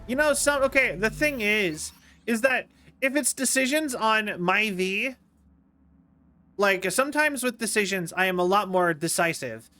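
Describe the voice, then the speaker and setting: A young man streams a game and gives casual commentary, rambling playfully and constantly stopping and restarting. His high voice is animated and sharp, though he doesn't hurry.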